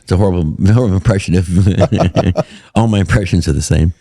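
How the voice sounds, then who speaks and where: A middle-aged man, a comedian guest, telling animated, profane stories with laughs in casual chat. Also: low voice, fairly quick, dry recording, studio quality. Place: live show venue.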